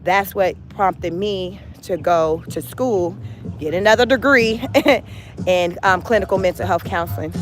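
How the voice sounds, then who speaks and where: A woman hosts a casual motivational livestream, speaking emphatically, repeating phrases and laughing often. Her voice is fairly low and unhurried, with music playing underneath.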